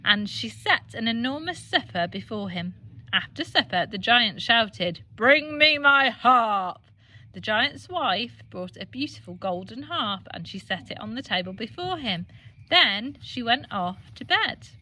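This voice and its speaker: Bright-voiced English woman reading a story. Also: on the high side, measured pace, a little hiss or hum. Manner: expressive, animated storytelling. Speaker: teacher.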